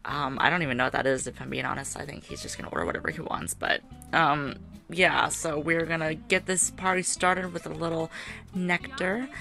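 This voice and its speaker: A tired woman with a hoarse voice rambles through casual gameplay commentary, full of fillers and little laughs. Her voice sits low with a gravelly fry, yet has a bright, forceful edge. Faint music plays behind her. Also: fairly quick. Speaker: gaming video creator.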